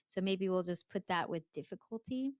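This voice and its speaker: A woman's voice: fairly low pitch, normal speed, no room sound, clean studio sound. A woman teaching a poem in a casual, chatty way, with frequent fillers and small laughs. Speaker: English teacher. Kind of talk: casual poetry lesson.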